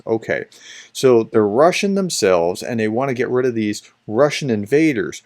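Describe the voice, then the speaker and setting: A man's voice: medium pitch, expressive, moderate pace, darkish tone. A man, a professor, giving casual spoken commentary on video clips, talking conversationally and often restarting or repeating his words. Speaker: professor explaining disinformation.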